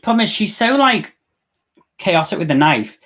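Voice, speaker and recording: A man hosting a live movie watch-along, talking in an animated, campy way and laughing a lot. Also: sits high, moderate pace. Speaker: host.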